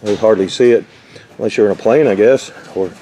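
A man's voice: lowish voice, a little fast, dark tone, slight background noise, rough recording. Folksy man walking through a roof job. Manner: folksy, rambling, lots of fillers. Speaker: RV roof installer. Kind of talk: casual job-site walkthrough.

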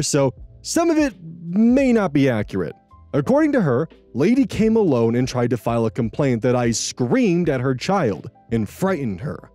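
A man's voice: mid-range voice, dark tone. A man hosting a channel where he reads out Reddit posts and adds earnest, reflective commentary. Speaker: host reading Reddit posts. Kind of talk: narrating and commenting on Reddit stories.

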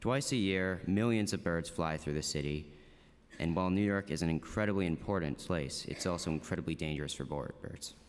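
Deep-voiced teen boy reading testimony. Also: brisk, clean tone. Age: teens. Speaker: student testifying. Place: council chamber. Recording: long reverb in a hall.

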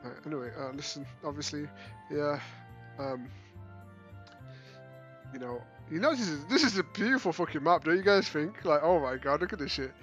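A Northern English man jokes and swears his way through a virtual reality hangout, ending lines with "yeah?". His voice is high and bright, with faint music underneath. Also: lively intonation, moderate pace, pauses often. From northern England. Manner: joking, swearing, tag questions like "yeah?". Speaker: host. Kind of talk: casual gaming banter.

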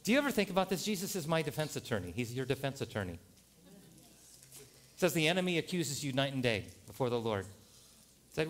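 A male pastor preaching a sermon in a church, animated and joking, jumping to loud punchlines. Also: mid-range voice, brisk. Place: church sanctuary.

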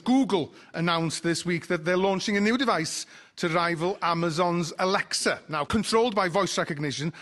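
High-voiced North Welsh comedian. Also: male voice, fairly bright tone. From Wales. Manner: chatty, dry, wry asides. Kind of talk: stand-up comedy. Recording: noisy live radio recording.

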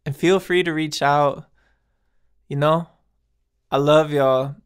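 Solo podcast host, man, smooth clear voice, earnest and slangy, chuckles between thoughts. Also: a little high, fairly even intonation, slow. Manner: earnest, laughs often, slangy asides to listeners. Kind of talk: casual spiritual monologue.

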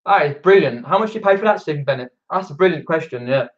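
A man's voice: a little high, expressive, fast. Rambling British man, muffled live stream. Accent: British English. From Britain. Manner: rambling, many fillers and restarts. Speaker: reseller streamer reading viewer chat. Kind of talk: casual live-stream chat. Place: indoors at home, downstairs. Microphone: camera mic.

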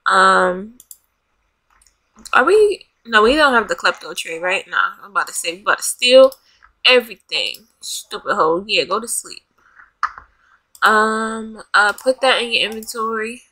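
A woman's voice: medium pitch, expressive, measured pace, sharp tone. A woman hosting a life-sim let's play, giving dramatic commentary as she bosses and scolds the game characters. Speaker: gaming channel host. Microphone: desk USB microphone.

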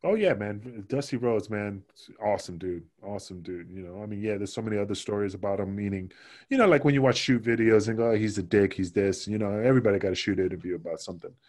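A man's voice: fairly low pitch, fast talker, a little mellow. A man, a former pro wrestler, telling loose, profane stories with lots of fillers as a guest on a casual podcast interview.

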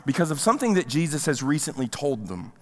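A man preaching a sermon as a pastor, animated, and acting out the voices of people in the story. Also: fairly high pitch, fast talker. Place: church sanctuary. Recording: church hall reverb.

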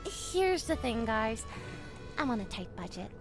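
A high-voiced young woman friend, earnest and apologetic about money and being late. Her lines are game dialogue heard over background music. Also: big pitch swings, measured pace. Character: young adult woman, friend on a tight budget.

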